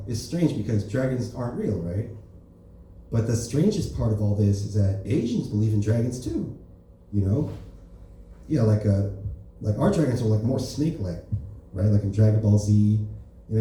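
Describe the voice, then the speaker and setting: Male comic at an open mic, dark mellow voice, very echoey club, heard from afar. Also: lowish voice, far from the mic, a little hiss or hum. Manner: loose, offhand, full of "right?" and "you know". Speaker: stand-up comedian.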